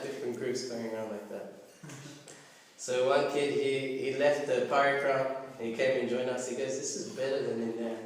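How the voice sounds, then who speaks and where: A man giving a devotional class in casual storytelling style, animated and laughing often as he acts out voices. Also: medium pitch, a little hiss or hum. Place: temple hall. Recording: echoey hall, mic at a distance.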